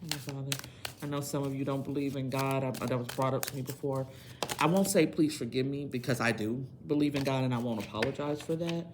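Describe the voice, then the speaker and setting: A woman's voice: very deep voice, fairly quick, heavy background noise. A woman tarot reader talking straight to her viewers in a casual video, earnest and emphatic like a pep talk.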